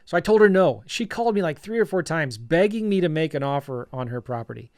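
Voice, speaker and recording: A man, a real estate educator, telling a story to camera in an animated, self-mocking way, with many restarts. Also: on the high side, quick pace.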